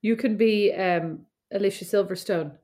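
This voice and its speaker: A woman co-hosting a podcast with her sister, chatting casually, wry and quick to laugh, swearing freely. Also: mid-range voice, dark tone. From Ireland. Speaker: podcast co-host. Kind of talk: casual chat. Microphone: remote recording call.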